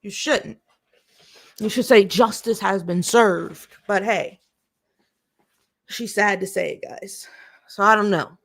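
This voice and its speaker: Chatty woman with a gravelly voice. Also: mid-range voice, takes it slowly, pauses often. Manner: chatty, reads letters then questions them directly. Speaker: commentary host reading emails aloud. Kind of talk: casual commentary and reading aloud.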